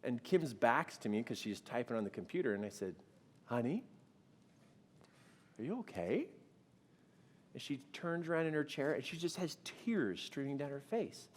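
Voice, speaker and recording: A man giving a spiritual storytelling talk, animated, acting out dialogue and slowing down for emphasis. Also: medium pitch. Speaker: storyteller and speaker.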